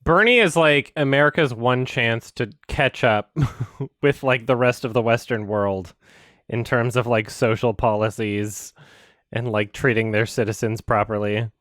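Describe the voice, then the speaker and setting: A man's voice: mid-range voice, measured pace, a bit bright, no room sound, studio quality. A man chatting casually about politics in a blunt, swearing way.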